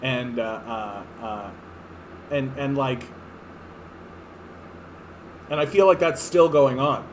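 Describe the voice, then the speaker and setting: A man's voice: mid-range voice, takes it slowly, long pauses, background noise. A man in his thirties from Canada, rambling through casual political commentary on clips, sarcastic and profane, full of fillers and restarts. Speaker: political streamer.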